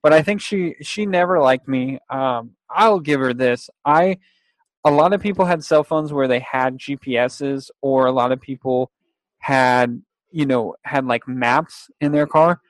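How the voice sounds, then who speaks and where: Young guy rambling thru a story, lots of restarts, dry close mic, mid pitch. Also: unhurried, no echo. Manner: rambling, with restarts, laughs and acted-out quotes. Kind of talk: casual storytelling.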